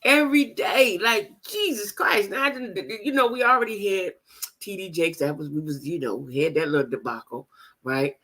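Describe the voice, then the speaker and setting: A woman's voice: on the low side, a little fast, a bit bright. A woman hosting a gossip show, chatting casually and directly to her viewers, repeating phrases for emphasis. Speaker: host of a gossip channel.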